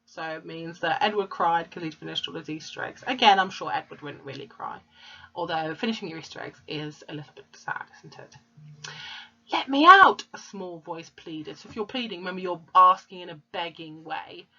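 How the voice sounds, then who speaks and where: Teacher lady talking slow n patient to little kids, slightly low voice, muffled home recording. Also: steady tone, pushed and bright. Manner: patient, slow explaining to young children. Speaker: primary school teacher. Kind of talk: recorded home-learning lesson.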